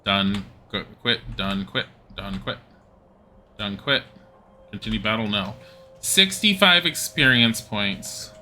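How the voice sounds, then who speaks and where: A man's voice: lowish voice, takes it slowly, pushed and bright, a little hiss or hum. A man streaming a game live, giving wry, casual commentary that swears now and then and reads menu choices aloud.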